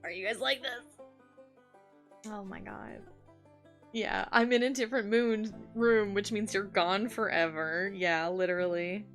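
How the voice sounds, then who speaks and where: A woman's voice: medium pitch, fairly even intonation, a little slow. A woman chatting casually while streaming her drawing at home, rambling with lots of "like"s and frequent laughs. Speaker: art streamer. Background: soft guitar music.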